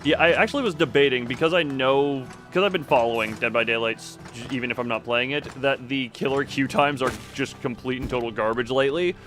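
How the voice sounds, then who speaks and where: With faint music in the background, this game streamer speaks in a medium-pitched, slightly bright voice, a little fast and with few pauses. It's casual live-stream chat while he plays: he rambles, interrupts himself mid-sentence, and addresses both chat and himself.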